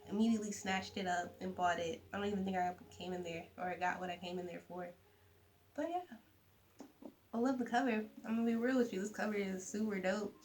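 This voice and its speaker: A young woman chatting casually to camera about books, animated, with soft asides. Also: mid-range voice, a little hiss or hum. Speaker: vlogger. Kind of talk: casual book chat to camera.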